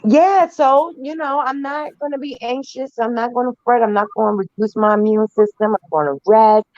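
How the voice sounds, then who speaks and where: A woman with a fairly high voice on a dull, lo-fi, dry-sounding mic. She talks in an emphatic, folksy way, stretching out her words for effect in a casual group conversation. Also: a little mellow, no echo. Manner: emphatic, folksy, drawn-out phrasing.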